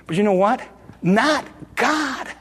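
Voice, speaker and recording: An older man preaching a sermon, dramatic and animated, acting out voices from the story. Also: very high voice, slow, slightly rough, in a large hall. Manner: dramatic, acts out the crowd and beggar in rising calls.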